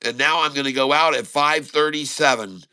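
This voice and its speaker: A man giving excited running commentary on his live day trades, calling out prices and talking to viewers as folks. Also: fairly high pitch, normal speed, clean tone. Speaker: day-trading streamer.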